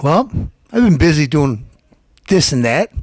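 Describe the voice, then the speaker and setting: Speaking unhurriedly in a slightly high voice, a man hosts his show in a dry recording. He plays the animated, hammy hype-man, talking up the event and interviewing people playfully.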